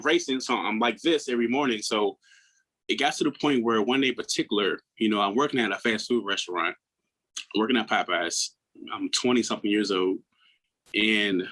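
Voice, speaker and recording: A man in his thirties, a podcast guest, telling his own story in a candid, earnest way, often restarting his words and acting out what others said in a higher voice. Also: sharp tone, poor audio. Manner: acts out quoted people in a raised voice.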